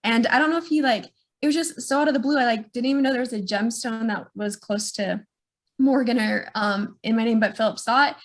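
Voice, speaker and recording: A young woman telling a personal memory in a reflective, unhurried way, with many fillers. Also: on the high side. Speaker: niece sharing a memory. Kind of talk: casual storytelling.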